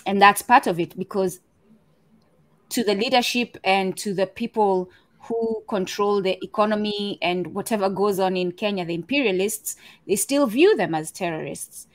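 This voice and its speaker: A woman's voice: medium pitch, moderate pace. A woman co-hosting a panel discussion, conversational and searching for words as she reads from notes. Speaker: co-host.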